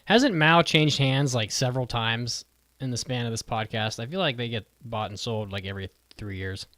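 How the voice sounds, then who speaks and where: Male podcast co-host, mid-pitched, brash and profane, dry close mic. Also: moderate pace, fairly bright tone, dry recording. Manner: brash, swears freely, jokey tangents. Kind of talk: casual chat.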